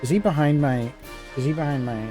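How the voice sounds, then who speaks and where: A man's voice: on the high side, brisk, over music. A man streaming a game, chatting casually and rambling with lots of fillers and restarts. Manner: rambling, filler-heavy, self-interrupting. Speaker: gaming streamer. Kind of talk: casual live-stream chat.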